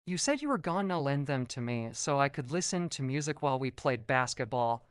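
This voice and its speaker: A man voicing a hot-tempered sixth-grade boy classmate who is quick to anger and accuses others. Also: mid-range voice, big pitch swings, clean tone, no room sound, studio quality, natural voice. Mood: accusing.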